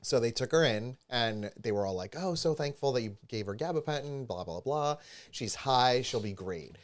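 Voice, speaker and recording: A man's voice: medium pitch, lively intonation, moderate pace. A man co-hosting a podcast, telling a story animatedly in casual chat and acting out the voices of the people he quotes. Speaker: podcast co-host. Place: studio with a live stream.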